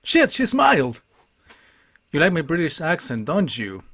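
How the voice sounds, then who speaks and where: Joking streamer, crude asides. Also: male voice, fairly high pitch, wildly swooping pitch, measured pace, a bit bright. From Chile. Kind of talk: casual live gameplay commentary.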